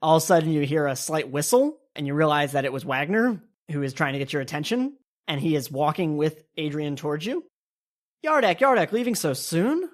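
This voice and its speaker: A woman with a very low voice runs a tabletop game as game master. She narrates casually, with plenty of fillers. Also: lively intonation, fairly quick, a little mellow.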